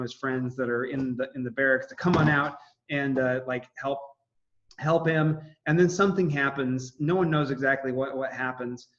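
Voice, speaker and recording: A man's voice: medium pitch, highs cut off. A man giving a casual history lecture, rambling with many fillers and restarts. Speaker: history teacher.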